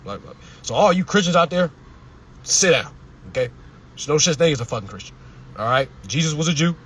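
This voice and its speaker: A man's voice: on the high side, expressive, brisk, fairly bright tone, husky. A young man hosting a live stream, ranting in a confrontational, preachy and profane way from inside a vehicle.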